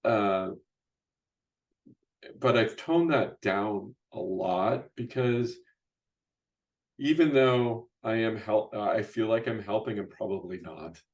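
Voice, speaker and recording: Middle-aged male host, low voice, loose conversational delivery full of restarts. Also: slow pace, pauses often, a little mellow. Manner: rambling, frequent restarts and "you know, right?" tags. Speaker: podcast host and youth basketball coach. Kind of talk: casual interview chat.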